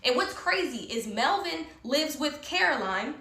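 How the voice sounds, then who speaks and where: A woman telling a personal story in a heated, profane, animated way. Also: sits high, unhurried, distant mic, noisy background. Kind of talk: casual storytime. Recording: roomy echo.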